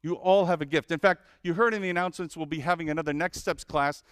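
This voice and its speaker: A male pastor preaching a sermon, listing names of God with lively emphasis and humorous asides. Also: fairly high pitch, quick pace, clear, resonant tone, dry recording, studio quality.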